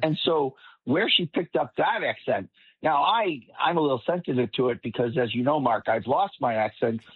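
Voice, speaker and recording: A man's voice: mid-range voice, animated, moderate pace, slightly rough, dry recording. Long-winded male commentator on a tinny line. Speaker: political commentator guest. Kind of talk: panel commentary. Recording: tinny phone-like line, dry.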